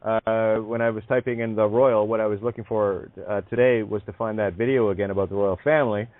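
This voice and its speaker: Rambling low-voiced male radio host. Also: steady tone, brisk, no echo. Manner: rambling, musing, drops into mock accents. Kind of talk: casual radio chat. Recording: dry tinny phone-like line.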